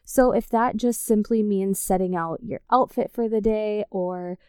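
An upbeat woman hosts her own podcast, speaking straight to her listeners in a friendly, encouraging way. Her voice is mellow and smooth, and it sits in an ordinary middle range. The recording is close and dry, with no room around it. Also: medium pitch, a little slow, dry recording. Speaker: podcast host. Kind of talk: casual solo podcast talk.

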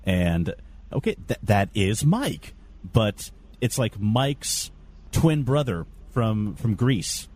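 A man's voice: fairly low pitch, sing-song, takes it slowly, darkish tone. A man co-hosting a casual podcast, teasing his friends and laughing often. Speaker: podcast co-host.

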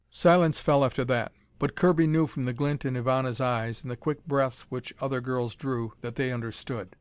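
A man's voice: mid-range voice, steady tone, normal speed, few pauses, smooth, dry recording. Man narrating in a dry close read. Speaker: audiobook narrator. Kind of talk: scripted narration.

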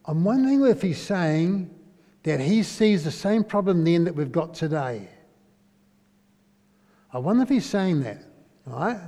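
A man's voice: sits high, lively intonation, moderate pace, dark tone. A man giving a conversational sermon, often asking listeners questions and tagging lines with "eh?". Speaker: preacher. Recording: long hall reverb.

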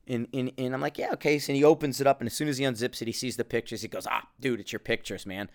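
This podcast host, a Connecticut man with a mid-range voice, talks quickly and rambles. His casual monologue is animated storytelling, peppered with swearing and frequent false starts.

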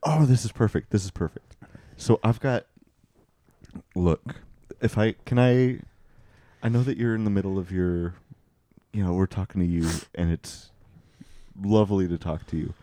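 Man, podcast host, casual comedy chat, excitable, laughing, low warm voice, dry sound. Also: no room sound. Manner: excitable, laughing, quick to push back.

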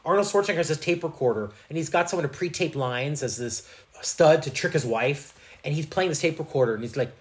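A man co-hosting a podcast, chatting casually about an old action movie, animated and swearing freely. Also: fairly high pitch, fast talker. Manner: animated, swearing, acts out quotes. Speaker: podcast co-host.

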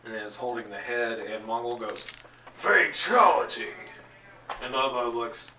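A man narrating a tabletop game as game master, telling the story in an animated, jokey way, recorded from a distance in an echoey room. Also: medium pitch, a little fast, faint music behind. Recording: echoey room, distant mic, faint ambience.

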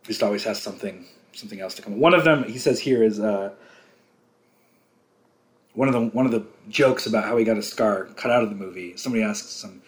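A man chatting loosely while watching a film, telling long rambling stories. He laughs a lot and swears casually, easy and unhurried. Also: fairly low pitch. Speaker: podcast co-host. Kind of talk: casual movie commentary chat.

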